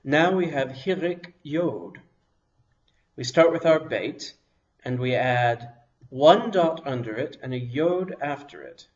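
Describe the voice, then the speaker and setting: A man teaching a language lesson, explaining each sound patiently and pronouncing examples slowly and carefully. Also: medium pitch, animated.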